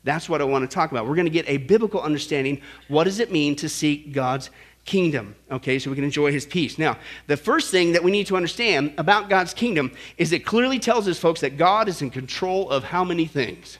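A pastor preaching a sermon in a jokey, emphatic way, rising to loud exhortations. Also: male voice, a little high, fairly quick.

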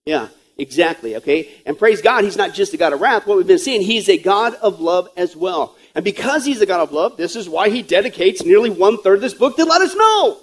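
A man's voice: high-pitched, big pitch swings, brisk, few pauses. A man preaching a sermon as pastor, joking and conversational with rhetorical asides, and growing emphatic and urgent.

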